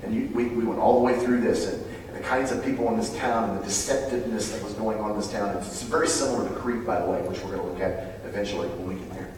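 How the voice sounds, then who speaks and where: American preacher guy, gets loud and high then drops quiet, big echoey hall, sounds far from the mic. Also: quick pace, hardly any pauses, a little hiss or hum. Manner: animated, climbs high and loud when stirred, then drops low and quiet. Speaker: pastor. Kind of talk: sermon.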